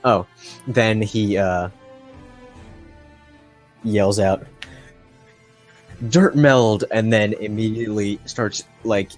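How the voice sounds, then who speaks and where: A young man with a low voice runs a tabletop game as its game master. He narrates haltingly, piling up fillers and restarts. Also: flat delivery, soft background music. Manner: hesitant, many fillers and restarts.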